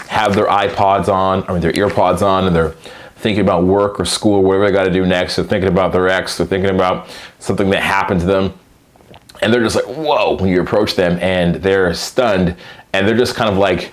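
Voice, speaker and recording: A man coaching on dating and sales in a casual, animated monologue, acting out short exchanges with plenty of filler words. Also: sits low. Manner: animated, acts out quick dialogues with filler words.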